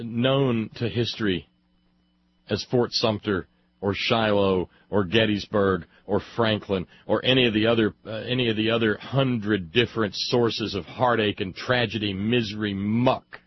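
Impassioned husky-voiced male commentator. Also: lowish voice, unhurried, no echo. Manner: emphatic, building lists with rising force. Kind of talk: impassioned opinion monologue. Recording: dull lo-fi dry recording.

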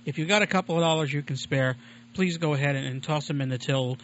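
A man's voice: a little high, fast, slight background noise. A man hosting his own home-made radio show, talking in a chatty, digressive, self-deprecating way. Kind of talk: casual rambling monologue. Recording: lo-fi muffled recording.

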